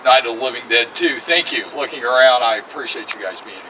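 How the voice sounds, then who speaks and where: A man's voice: mid-range voice, fast. A retired man doing a profane, self-mocking stand-up comedy set. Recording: distant mic, faint noise.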